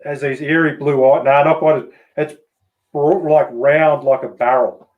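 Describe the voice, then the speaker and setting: A man's voice: on the high side, measured pace, phone-quality sound. Laid-back Australian man chatting. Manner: relaxed, swears freely, laughs often. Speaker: host. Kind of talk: casual chat.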